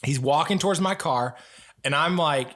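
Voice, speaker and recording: A young man telling stories on a podcast in an animated, self-mocking way. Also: on the high side, normal speed. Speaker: podcast co-host, ninja athlete. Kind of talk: casual storytelling chat.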